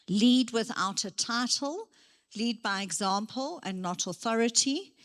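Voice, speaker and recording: A woman giving a motivational career talk to young people, lively and acting out her examples. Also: on the high side. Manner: lively, acts out examples, moves around while speaking. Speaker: career day speaker. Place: church hall.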